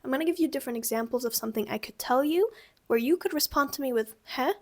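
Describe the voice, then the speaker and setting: A young woman with a high voice gives a casual video lesson on everyday sounds. She talks in a chatty, direct way and acts out each sound with big, exaggerated tones. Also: fast talker, a little mellow. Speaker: language teacher.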